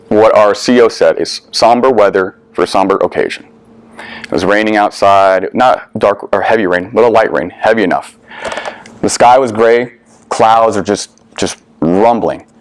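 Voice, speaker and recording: A young adult man tells a personal war story to an audience. He is earnest and candid, with a slightly low voice and some casual swearing. The sound is dry and close, with no room echo. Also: a little slow. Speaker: veteran speaker.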